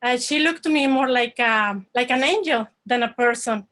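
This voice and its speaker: Earnest high-voiced woman. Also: a bit bright, poor audio. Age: 40s. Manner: earnest, halting, with restarts. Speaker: storyteller. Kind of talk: personal storytelling performance. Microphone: online video call.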